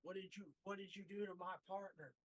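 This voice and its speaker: A man's voice: sits high, fairly even intonation, brisk, fairly bright tone, rough recording. A man playing a tabletop game as a tough sheriff, blunt and defiant. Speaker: player.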